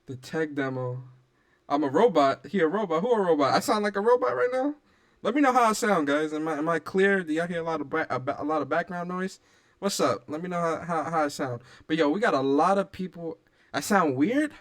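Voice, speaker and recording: A man's voice: on the high side, animated, fairly quick. Hyped young man hosting a livestream. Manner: hyped, laughing, slangy shout-outs. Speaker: podcast host. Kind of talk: casual livestream chat. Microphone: desktop streaming mic.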